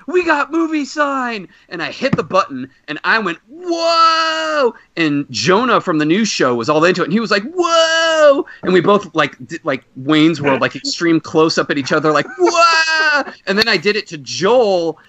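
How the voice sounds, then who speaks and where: A man hosting a podcast, telling a long casual story and acting out loud exclamations. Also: fairly high pitch, fairly quick, few pauses, no echo. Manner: animated anecdote with loud acted-out exclamations. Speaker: podcast host. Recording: dull muffled podcast audio.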